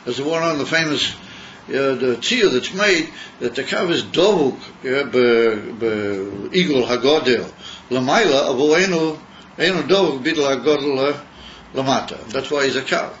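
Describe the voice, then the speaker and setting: Halting man teaching a class. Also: medium pitch, fairly bright tone, a little hiss or hum. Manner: halting, repeats words, mixes Hebrew terms. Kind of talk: Chassidus class. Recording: muffled class recording.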